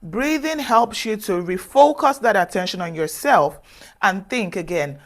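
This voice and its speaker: An earnest woman gives motivational advice straight to the listener. She speaks in a measured way with emphatic pauses and keeps coaxing her audience to take her word for it. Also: medium pitch, expressive. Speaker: self-development speaker. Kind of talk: motivational advice talk to camera.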